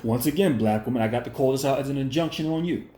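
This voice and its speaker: A man's voice: mid-range voice, fast talker, dark tone, slight background noise. A man delivering a confrontational, preachy commentary monologue, repeating his points and lecturing the listener. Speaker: commentary vlogger. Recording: echoey room.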